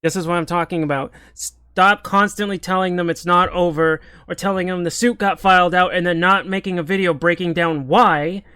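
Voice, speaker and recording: Man, exasperated commentary rant, sarcastic, high voice, dead-dry sound. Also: steady tone, normal speed, few pauses, sharp tone, clear, resonant tone, no echo. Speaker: political commentary host. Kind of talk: ranting commentary on comments and clips.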